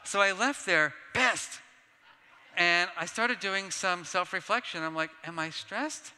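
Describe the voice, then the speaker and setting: Bright-voiced man speaking in a hall. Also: high-pitched, slow pace, long pauses, clear, resonant tone. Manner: animated, self-deprecating storytelling with laughs. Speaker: keynote speaker. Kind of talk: conference plenary talk with personal anecdotes. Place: large conference hall. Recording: long reverb of a large hall.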